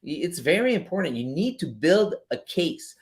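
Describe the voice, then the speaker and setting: Dude streaming about trading, kinda high voice, super casual, curses a lot, lots of ums. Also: male voice, very animated, normal speed. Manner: laid-back, swearing, slangy, lots of fillers. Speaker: forex trading streamer host. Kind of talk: casual live-stream chat.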